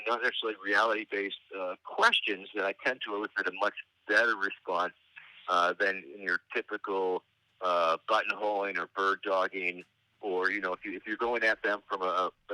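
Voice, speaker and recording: Bright-voiced man telling wry stories. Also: fairly low pitch, no room sound, low-quality recording. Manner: meandering, halting delivery with frequent hesitations; dry, wry humor. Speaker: interview guest. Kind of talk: casual anecdotal storytelling.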